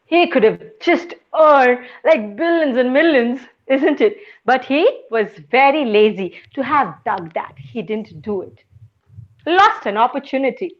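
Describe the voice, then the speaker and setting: Expressive high-voiced woman storyteller. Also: unhurried, muffled recording. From India. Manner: expressive, chants rhythmic sound effects. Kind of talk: oral storytelling for an audience.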